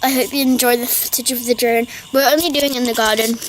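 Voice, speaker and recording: A woman's voice: on the high side, steady tone, fast, few pauses, rough recording. A young girl chatting casually in a family vlog, rambling and restarting her sentences. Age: child. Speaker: vlogger. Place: garden outdoors.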